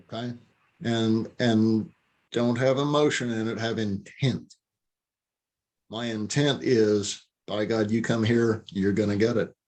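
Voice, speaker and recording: A man's voice: fairly low pitch, steady tone, slow pace, a little mellow. A man giving firm, emphatic dog-training advice on a video call. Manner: emphatic, acts out what the owner should say.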